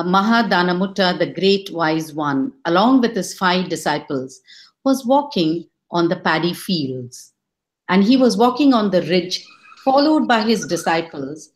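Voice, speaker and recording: A middle-aged woman telling a folk tale to listeners, expressive and rising high when she quotes her characters. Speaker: storyteller. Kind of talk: storytelling.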